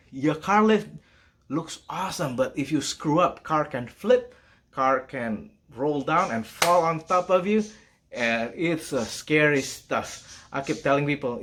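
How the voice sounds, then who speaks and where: A hobbyist car mechanic, a man, talking casually to camera in his home garage, excitable and fond of rhetorical questions. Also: a little high. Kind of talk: casual vlog talk to camera.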